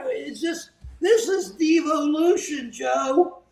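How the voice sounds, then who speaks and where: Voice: mid-range voice, moderate pace. Indignant political commentator in an echoey room. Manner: indignant, animated, mimics politicians in quoted asides. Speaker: co-host of a political livestream.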